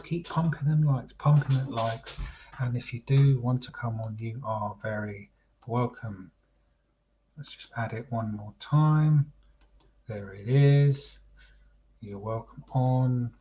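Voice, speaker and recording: A man's voice: mid-range voice, measured pace, mellow, slight background noise. A man hosting a casual football chat livestream, chatty and calling his viewers mate. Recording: dull lo-fi stream audio.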